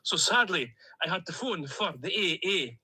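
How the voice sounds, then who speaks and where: A man's voice: high-pitched, very animated, moderate pace, bright, forceful tone, slightly rough, heavily acted, poor audio. A man doing Dougal, a chirpy Stornoway duck. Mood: cheery, rambling. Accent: Stornoway Scottish. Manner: rambling, cheerfully self-pitying storyteller. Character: chatty male plastic toy duck on a road trip. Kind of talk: comic character monologue.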